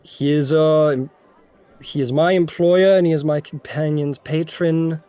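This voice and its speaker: A man playing an armored knight in a tabletop role-play, formal and commanding, speaking in measured words. The voice sits near the performer's own. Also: on the high side, fairly even intonation, warm tone, clear, resonant tone, pitched above the performer's own voice, close to an everyday voice. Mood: stern. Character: stern armored male knight guard.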